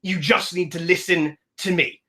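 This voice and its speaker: A man voicing a grandiose rebel who slowly and persuasively lures a stranger to his side, in a tabletop game. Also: high-pitched, fairly even intonation, bright, forceful tone.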